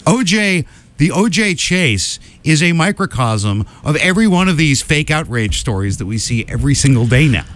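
Animated male podcast host. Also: on the high side, moderate pace. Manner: animated, opinionated commentary. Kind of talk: casual commentary podcast.

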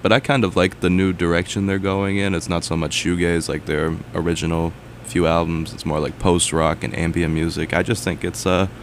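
A young man hosting a student radio show, chatting in a relaxed, easygoing way with many fillers. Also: sits low, a little fast, few pauses, slight background noise. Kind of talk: casual chat on air.

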